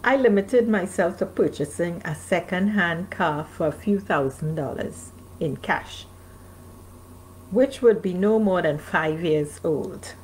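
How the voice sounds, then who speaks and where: A woman's voice: fairly low pitch, expressive, takes it slowly, slight background noise, rough recording. A woman, the author, reading her own memoir aloud and stopping now and then to chat with her live audience. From North America. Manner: reads aloud, then breaks off to chat with listeners. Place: home, streamed live.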